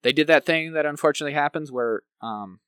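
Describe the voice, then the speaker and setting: A man with a voice on the high side, clear, resonant and a bit bright, talks at a quick pace. The studio-quality recording has no echo. Co-hosting a podcast, he rambles casually about films, full of "like" and tag questions.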